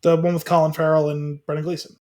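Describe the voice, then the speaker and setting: A man's voice: a little high, flat delivery, quick pace, darkish tone. A man co-hosting a podcast in casual chat, chiming in with short remarks and brief opinions. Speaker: podcast co-host.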